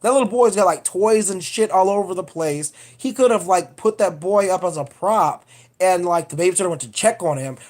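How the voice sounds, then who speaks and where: A woman's voice: fairly low pitch, expressive, moderate pace, darkish tone. A woman vlogger giving a casual, profane, digressive film review rant.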